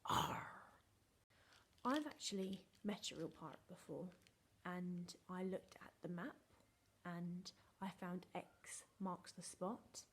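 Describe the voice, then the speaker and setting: A woman's voice: on the low side, echoey room, slight background noise. A young woman teaching phonics to young children, playful and encouraging, often dropping into whispers. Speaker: reception class teacher.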